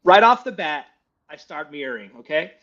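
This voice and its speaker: A man coaching a trainee on sales calls, energetic and quick, often checking in with "okay?". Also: on the high side, lo-fi sound. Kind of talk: live sales training feedback.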